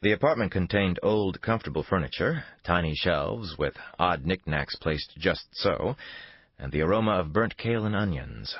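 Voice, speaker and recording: A man narrating a thriller audiobook in a measured, even delivery. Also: deep voice, husky, no echo, muffled recording.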